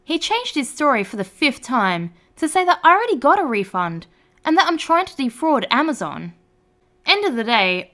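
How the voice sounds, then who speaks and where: A woman reads online stories aloud with a high voice. Her pitch swings widely, giving every line a lively, animated storytelling lilt. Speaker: narrator.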